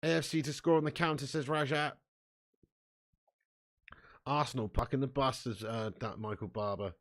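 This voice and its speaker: A man's voice: mid-range voice, fairly even intonation, moderate pace. A man hosting a live football watch-along. He reads chat comments aloud and talks in a casual, sweary way. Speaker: fan channel host.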